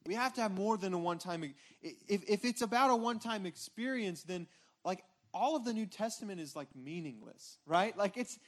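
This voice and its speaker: A man's voice: high voice, expressive, fairly quick, a bit bright. A man preaching a casual, conversational sermon from a church stage, often checking in with his congregation and restarting his phrases. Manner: informal, repeats words and restarts, frequent "right?" checks with congregation. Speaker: pastor.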